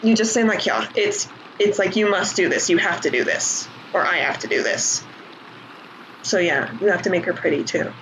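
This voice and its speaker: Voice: medium pitch, moderate pace, background noise. A vlogger casually explaining language points while playing a game, rambling and correcting themself often. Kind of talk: casual commentary with language teaching. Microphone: desk mic while playing, no camera. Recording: game music loud under voice.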